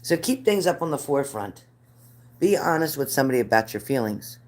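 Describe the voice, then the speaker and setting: A woman's voice: very deep voice, very animated, fairly quick, darkish tone. A middle-aged woman reading spirit cards live for viewers, chatty and earnest, repeating their names. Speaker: card reader.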